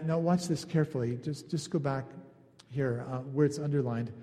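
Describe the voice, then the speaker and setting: A man's voice: medium pitch, mellow, big-room sound. A man preaching a sermon in a casual, conversational way, now and then acting out the people he quotes. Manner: conversational, acts out quoted lines. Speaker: pastor.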